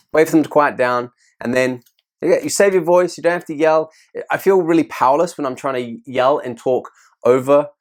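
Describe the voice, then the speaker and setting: A man, a teacher giving classroom tips to camera in a chatty, self-deprecating way. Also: on the high side. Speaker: teacher and video host.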